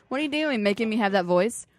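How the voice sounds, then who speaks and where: A woman's voice: fairly high pitch, a little mellow. A woman co-hosting a casual podcast, playful and teasing, who giggles often. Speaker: podcast co-host. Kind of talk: casual chat.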